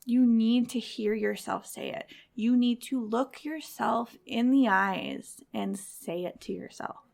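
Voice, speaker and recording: A woman with a slightly high, heavily gravelly voice gives a motivational talk to mothers. She speaks directly and conversationally, nudging her listeners along with encouragement. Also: slow, darkish tone. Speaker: podcast host.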